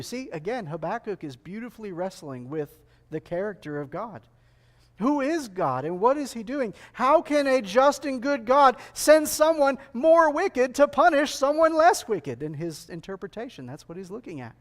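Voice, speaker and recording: A man's voice: very high voice, expressive, moderate pace. A male preacher giving a sermon, earnest and emphatic, repeating key phrases and putting rhetorical questions to the congregation.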